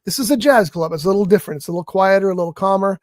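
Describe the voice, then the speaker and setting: A man's voice: sits high, racing, no room sound, clean studio sound. Man telling an exasperated story. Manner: animated storytelling, exasperated complaining. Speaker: co-host. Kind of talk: casual podcast chat.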